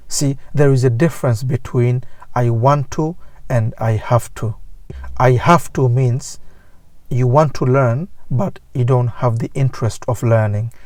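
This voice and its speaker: Deliberate mellow-voiced male teacher. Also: mid-range voice, no room sound. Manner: slow, deliberate, repetitive phrasing. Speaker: English teacher. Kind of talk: scripted lesson to camera.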